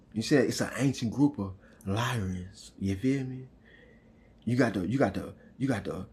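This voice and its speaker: A man's voice: medium pitch, breathy edge. A man delivering a fiery, profane spiritual monologue in a rhythmic, repetitive way, often tossing in "huh?" and "you feel me?". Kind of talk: impassioned street preaching monologue.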